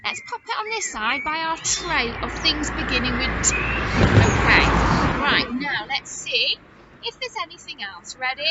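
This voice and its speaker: A woman teaching a phonics lesson to young nursery children, animated and sing-song, with gasps of surprise and slow, drawn-out words. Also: high-pitched, lo-fi sound, very noisy.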